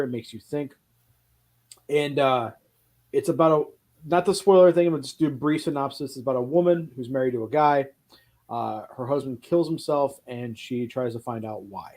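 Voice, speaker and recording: Animated, cussing male podcast host. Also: mid-range voice. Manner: animated, swearing, quick asides. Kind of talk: casual film chat.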